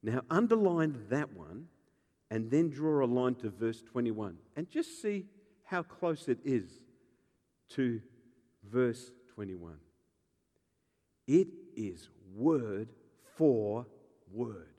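A man, a pastor preaching a sermon with animated, joking storytelling and acted-out voices. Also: medium pitch, takes it slowly, pauses often, in a large hall.

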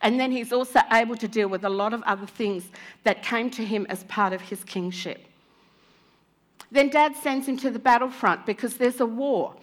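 A woman preacher retelling a Bible story in a sermon with animated storytelling, acting out the lines of the people in it. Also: fairly high pitch.

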